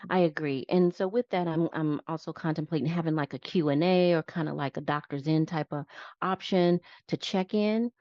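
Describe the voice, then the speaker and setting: This is a woman's low-pitched, slightly mellow voice at a moderate pace. She's a psychiatric nurse practitioner being interviewed conversationally, breaking down her practice in plain steps, and the recording is dull, lo-fi and dry.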